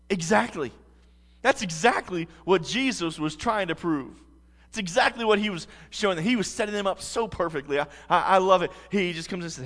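A man's voice: high-pitched, normal speed, fairly bright tone, big-room sound. A man preaching a sermon as pastor, earnest and emphatic.

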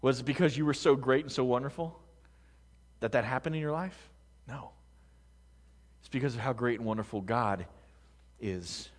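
A man preaching a sermon to a congregation, talking conversationally with rhetorical questions and swinging between hushed words and loud emphasis. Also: mid-range voice, moderate pace, long pauses. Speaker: pastor. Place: large room with a congregation. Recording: long hall reverb.

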